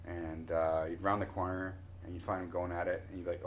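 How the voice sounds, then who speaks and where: A Canadian man in his forties tells a casual story with a somewhat low voice. He is animated and unpolished, trips over restarts and drops his voice on asides. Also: fairly quick, a little hiss or hum. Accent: Canadian English. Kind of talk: casual spoken anecdote.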